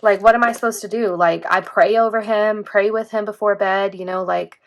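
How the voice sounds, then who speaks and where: A woman's voice: medium pitch, steady tone, brisk. A young woman, chatting casually and rambling as she plans in her vlog. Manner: chatty, rambling, says "like" often. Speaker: planner vlogger. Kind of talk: casual chat while planning.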